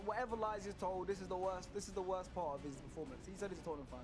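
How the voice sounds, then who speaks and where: Fast-talking mocking man. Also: high voice, fairly even intonation, over music. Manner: quick mocking remarks. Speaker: co-host.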